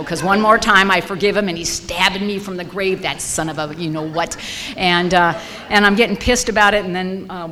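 A woman in her sixties sharing a personal story with a recovery group, blunt and salty, growing loud and laughing. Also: on the low side, long reverb tail. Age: 60s.

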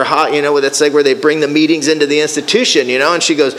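A middle-aged man giving a personal recovery testimony, storytelling in an animated way and acting out the voices of the people in it. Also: on the high side, fast. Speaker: recovery speaker. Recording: hall with long reverb.

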